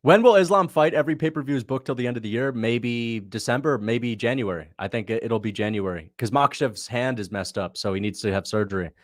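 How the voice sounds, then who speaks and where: A man's voice: mid-range voice, dry recording, studio quality. A young man with an ordinary mid-range voice chats loosely through a livestream. He reacts on the fly, laughs easily and stops to thank viewers between remarks. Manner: loose, chatty, quick to laugh, reads out donations. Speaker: livestream host reacting to fights. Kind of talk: casual livestream commentary.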